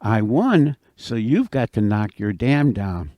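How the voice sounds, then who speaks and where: A man's voice: lowish voice, sing-song, slow pace, dry recording, dull audio. A man doing a sly little snapping turtle. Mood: smug. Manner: sly, pleading, then boastful. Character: small clever male snapping turtle.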